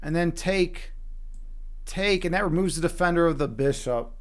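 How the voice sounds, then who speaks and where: A young man with a Chicago accent talks through his chess moves on a live stream. His voice sits a little high for a man, and he swears freely as he goes. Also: normal speed. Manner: animated, swearing, talks to chat while playing.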